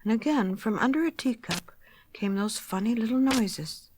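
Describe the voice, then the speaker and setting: Woman reading a storybook, hushed and gentle. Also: on the high side, animated, normal speed, noisy background. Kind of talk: storybook narration for children.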